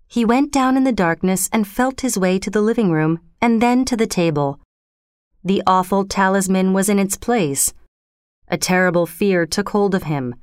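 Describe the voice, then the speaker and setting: A woman narrating an audiobook in a measured, expressive reading. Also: on the low side, smooth, no room sound, clean studio sound.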